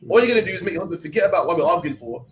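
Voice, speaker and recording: A man's voice: high voice, animated, rapid-fire, crowd noise, low-quality recording. A young man leading a scripture class in a loose, blunt, slang-heavy teaching style. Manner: streetwise, blunt, peppered with slang.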